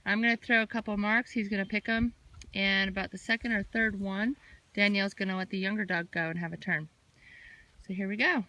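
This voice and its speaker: A woman dog trainer giving a steady, explanatory lesson outdoors in a field. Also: medium pitch, brisk, slight background noise. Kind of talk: instructional narration. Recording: echoey, from far off.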